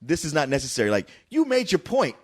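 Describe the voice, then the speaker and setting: A male film reviewer with a high voice who talks fast. He is blunt and joking in casual chat. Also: wildly swooping pitch.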